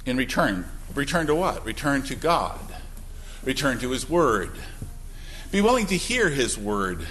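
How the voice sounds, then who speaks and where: Male pastor, sermon delivery, animated intonation, punchy then hushed. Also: medium pitch, unhurried, slight background noise. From Wisconsin. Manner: emphatic preaching with sudden loud and soft swings.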